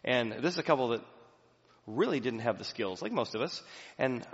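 A man's voice: medium pitch, animated, normal speed. A male pastor giving a sermon in a conversational, storytelling way. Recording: echoey hall, dull lo-fi sound.

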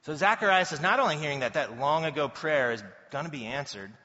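Male pastor, relaxed and lively sermon delivery, recorded in a big echoing church hall. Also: a little high, fast. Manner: conversational and animated, acting out quoted voices. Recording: dull sound in a reverberant hall.

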